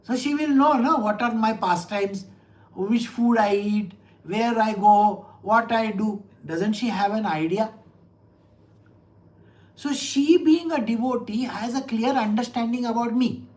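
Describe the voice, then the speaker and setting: A man, a spiritual teacher giving an animated scripture lecture full of rhetorical questions. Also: high-pitched, unhurried, poor audio.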